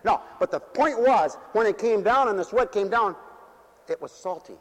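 A man preaching in a folksy, joking way that climbs into fervent hallelujahs. His voice sits high, and a long reverb hangs in the mission hall around him. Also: animated, moderate pace. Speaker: pastor. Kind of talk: sermon.

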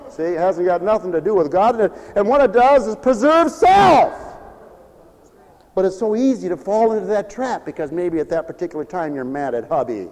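A man preaching a sermon, dramatic and given to mimicking others and shouting for emphasis. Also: high voice, expressive, normal speed, in a large hall, a little hiss or hum, poor audio. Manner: dramatic, acts out other people's voices.

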